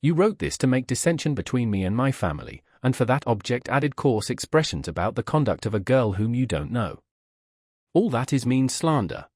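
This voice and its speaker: A man reading as a sharp-tongued young student. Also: mid-range voice, big pitch swings, moderate pace, no room sound, studio quality. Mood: accusing. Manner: sharp, cutting.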